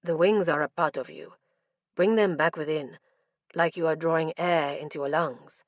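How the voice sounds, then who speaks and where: A woman's voice: sits low, normal speed, no echo, dull audio, close to an everyday voice. A woman voicing a winged male warrior in an audiobook, giving terse, commanding orders. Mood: firm, coaxing. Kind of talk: audiobook character dialogue.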